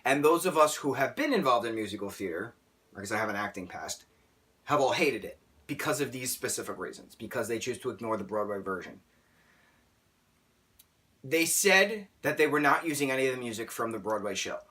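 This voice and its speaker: Delivering a film review as a theatrical rant, this man sounds animated and exasperated, with sarcastic outbursts along the way. He speaks briskly in a mid-range voice.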